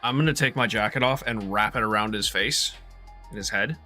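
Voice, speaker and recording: A man's voice: fairly low pitch, fairly quick, pushed and bright, soft background music. A man playing in a tabletop game, talking through plans in a plain, dry way. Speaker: player. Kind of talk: casual tabletop play.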